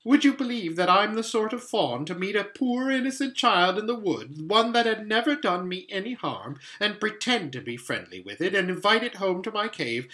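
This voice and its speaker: A man's voice: sits high, fairly bright tone, pitched above the performer's own voice. A man doing a weeping guilty faun. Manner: sobbing, sorrowful. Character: tearful guilt-ridden male faun. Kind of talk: storybook reading.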